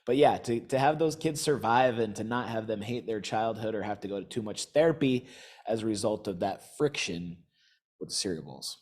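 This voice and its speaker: A man's voice: on the low side, lively intonation, normal speed, darkish tone. A man and father telling a story about his business in a casual, self-mocking way. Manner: chatty, self-mocking, laughs often. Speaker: guest business owner.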